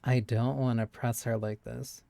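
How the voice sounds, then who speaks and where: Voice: medium pitch, unhurried, creaky, dry recording. Laughing, chatty game streamer, dry sound. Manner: animated, laughing, swearing, chatty. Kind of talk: let's-play commentary, reading game lines aloud.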